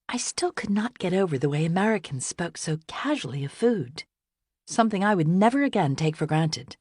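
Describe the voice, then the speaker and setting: A woman reading a novel aloud as an audiobook narrator, in gentle, even first-person storytelling. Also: on the low side, moderate pace, husky, dry recording, studio quality.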